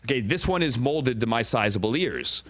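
A man's voice: medium pitch, big pitch swings, moderate pace, a bit bright, no echo. A middle-aged male broadcaster chatting as a guest on a studio talk show, rambling through stories and mimicking on-air voices, often checking in with "right?". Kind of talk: animated casual studio chat. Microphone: studio mic with earpiece.

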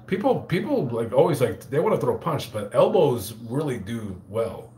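A man hosting a casual livestream, telling a profane, rambling story full of halting restarts. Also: medium pitch, very animated, warm tone, roomy sound. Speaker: livestream host reading super chats.

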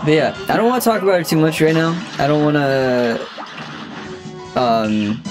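Young streamer, lively swinging voice, laughs and swears through live gameplay with music behind. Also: mid-range voice, moderate pace. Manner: laughs often, swears freely, teasing. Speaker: game streamer. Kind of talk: casual live gameplay commentary.

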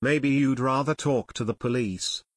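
A man's voice: medium pitch, unhurried, no room sound, clean studio sound, close to an everyday voice. A man voicing a determined young male amateur detective who talks firmly in a storybook reading. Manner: firm, demanding.

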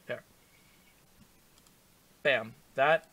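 Young male gaming host, goofy and manic, a little high-pitched, loud outbursts then low mutters. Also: animated, normal speed, long pauses, slight background noise. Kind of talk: comedic game commentary.

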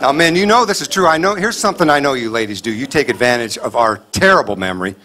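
His medium-pitched voice is expressive, quick, bright and forceful as he performs clean stand-up to a laughing live audience. The comedian hails from the Kansas City area, US, and tells punchy stories acted out with mock dialogue.

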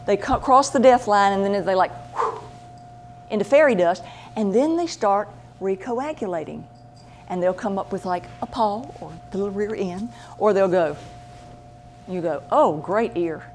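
Woman, animal medium, casual anecdotal talk, lively and chatty, mid-range voice. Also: medium pitch, moderate pace, slight background noise. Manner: chatty, animated, acts out voices in her stories.

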